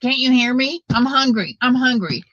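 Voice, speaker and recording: A woman's voice: high voice, expressive, moderate pace, fairly bright tone, no room sound, dull audio, voice pushed up. A woman voicing an aloof pet cat that whines for food, then shrugs it off. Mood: whiny, aloof. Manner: whiny then dismissive.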